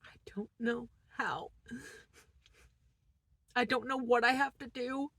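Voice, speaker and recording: A distressed woman vlogger talking through a personal monologue in a halting, emotional way, moving between quiet murmurs and shaky laughter. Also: fairly high pitch, steady tone, no echo.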